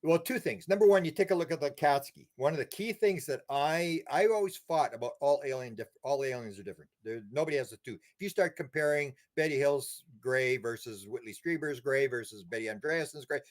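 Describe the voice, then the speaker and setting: An older man, a guest in a casual interview, telling animated stories with many restarts and repeated words. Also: medium pitch, fairly quick, few pauses. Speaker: interview guest, UFO researcher.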